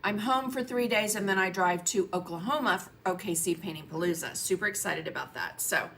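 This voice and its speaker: A woman's voice: fairly low pitch, fairly quick, creaky, a bit bright, a little hiss or hum. A woman painting teacher chatting casually on her livestream, greeting viewers by name and laughing often. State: coughing, frog in her throat. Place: home painting studio.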